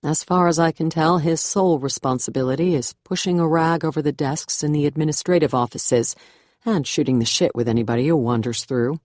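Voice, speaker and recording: A woman reads a first-person thriller in a measured, wry way. Her voice sits low, and the close mic gives a dry studio sound. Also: darkish tone, no echo. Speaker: audiobook narrator.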